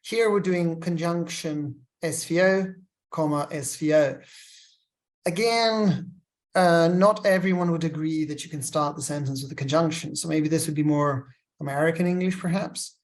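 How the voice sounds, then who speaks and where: A lecturer teaches legal writing step by step, reading example sentences aloud and naming every punctuation mark, with chatty asides to the students. The voice is medium-pitched at a moderate pace.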